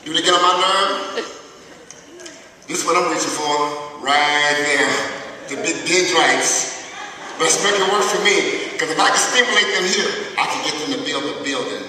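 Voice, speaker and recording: Bright-voiced man giving a keynote. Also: a little high, moderate pace. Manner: animated storytelling, asks the audience questions. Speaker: keynote speaker, music teacher. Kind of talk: conference keynote speech. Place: large conference hall. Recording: echoey hall from far off, faint noise.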